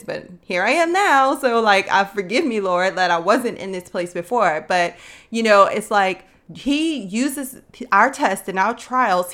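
A woman's voice: mid-range voice, fairly bright tone. A young woman hosting a faith show, speaking in an earnest, conversational way and calling her listeners sis. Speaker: faith podcast host. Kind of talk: encouraging faith talk to listeners.

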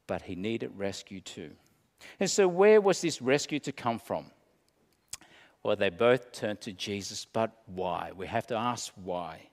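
A man preaching as a pastor, slow and dramatic, dropping to a hush and then rising. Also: on the low side, expressive, big-room sound. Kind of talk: sermon.

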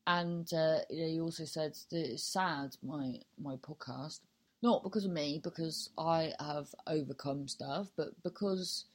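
A woman's voice: deep voice, a little slow, darkish tone, poor audio. A woman in her thirties hosting her own podcast, talking in a chatty, self-mocking ramble that swears, trails off and restarts. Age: 30s. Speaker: podcast host. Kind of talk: casual rambling monologue.

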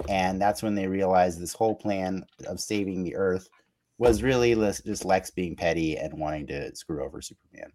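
A man with a somewhat low voice recaps a cartoon episode for a podcast. He rambles in casual chat, stumbling over restarts and filling gaps with fillers as he laughs along. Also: normal speed, darkish tone. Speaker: podcast co-host.

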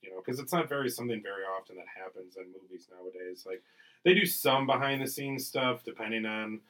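Man hosting a podcast, kinda low voice, rambles with lots of likes. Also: brisk, a bit bright, low-quality recording. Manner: rambling, filler-heavy. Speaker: podcast co-host. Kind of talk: casual chat.

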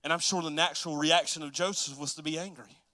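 A man preaching a sermon, chatty and laughing, acting out Bible figures in quick voices. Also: fairly high pitch, fairly even intonation, bright, forceful tone, no room sound.

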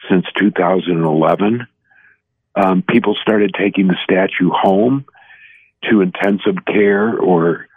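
A man in his sixties, a guest telling a personal story in earnest, halting speech with many restarts, heard over a phone line. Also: fairly low pitch, dry recording. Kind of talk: personal testimony in an interview. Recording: tinny dry phone line.

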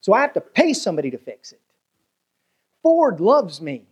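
Folksy pastor preaching. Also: male voice, wildly swooping pitch, normal speed, pauses often, breathy edge, highs cut off. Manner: folksy storytelling preacher, swooping pitch, colloquial Southern grammar. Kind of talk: sermon.

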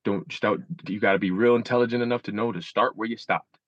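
A man's voice: on the low side, steady tone, fast talker, no echo, lo-fi sound. A man in his thirties, a guest in an interview, speaking earnestly with many restarts and repeats. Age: 30s. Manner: earnest, repeats and restarts, acts out inner voices. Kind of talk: emotional interview.

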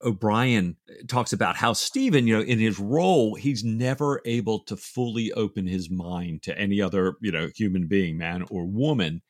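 A man co-hosting a book discussion podcast, talking in a reflective, emotional way with halting restarts. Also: fairly low pitch, lively intonation, dry recording, studio quality. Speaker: podcast co-host.

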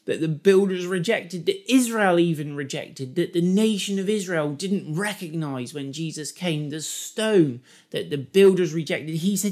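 A man with a fairly high voice walks listeners through a scripture passage in an informal teaching style. He talks with emphasis and animation, breaking off often to explain and stress key phrases. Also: unhurried, few pauses, a little mellow. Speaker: Bible teacher.

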